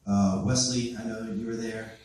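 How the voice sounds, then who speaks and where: A man's voice: lowish voice, steady tone, normal speed, darkish tone, recorded from a distance, slight background noise. Teenage boy speaking in an echoey hall. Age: late teens. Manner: hesitant, many fillers and restarts. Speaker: youth giving a church testimony. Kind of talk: personal testimony speech. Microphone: far camera recorded by his father.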